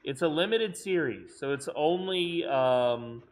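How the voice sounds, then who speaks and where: A man chatting casually while playing a game with a friend, making teasing deadpan jokes. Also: a little high, measured pace, faint music behind. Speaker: co-player, veteran gamer. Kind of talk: casual gaming chat.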